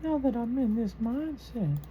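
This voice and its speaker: A woman voicing a croaky elderly person with a throaty, slow, drawn-out way of talking. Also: fairly high pitch, lively intonation, mellow, slight background noise, pitched above the performer's own voice, poor audio. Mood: croaking. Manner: drawn-out, slowed speech.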